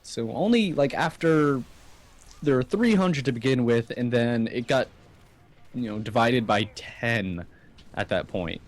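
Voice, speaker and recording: Man, casual stream co-host, reads lore aloud, lively up-and-down pitch, chatty asides, home desk mic. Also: a little slow. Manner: reads long passages with chatty asides and stumbles. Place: home room at a computer.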